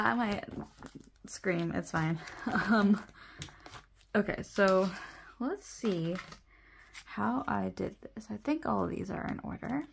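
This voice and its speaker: A woman's voice: mid-range voice, gravelly, slight background noise. A young woman chatting casually while sorting her photocards, rambling, laughing often and correcting herself. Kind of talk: casual chat.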